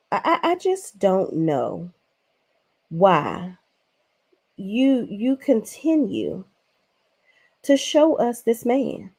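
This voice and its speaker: Woman, lowish voice, sassy and profane, casual recap host talking back to the screen. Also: a little mellow. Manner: sassy, blunt, profane, talks straight to the cast. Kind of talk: casual opinionated recap commentary.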